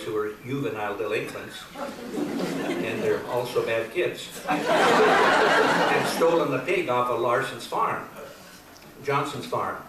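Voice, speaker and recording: Folksy joke-telling man in an echoey hall. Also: mid-range voice. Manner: folksy, chuckling storytelling with fillers. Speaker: comedian and folk entertainer. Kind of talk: telling jokes live on stage. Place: large grange hall stage. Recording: echoey hall from far off with room noise.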